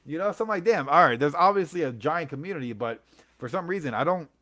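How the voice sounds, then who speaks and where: A man's voice: a little high, animated, quick pace, sharp tone, no room sound. Rambling young man chatting casually. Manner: rambling, laughing, frequent fillers and slang. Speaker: comics livestream host. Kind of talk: casual livestream chat.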